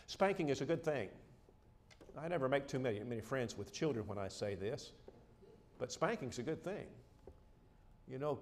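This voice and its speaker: A man's voice: mid-range voice, lively intonation, moderate pace, pauses often, darkish tone. Earnest middle-aged male preacher. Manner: earnest, emphatic, repeats words when stressing a point. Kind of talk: sermon. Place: lecture hall.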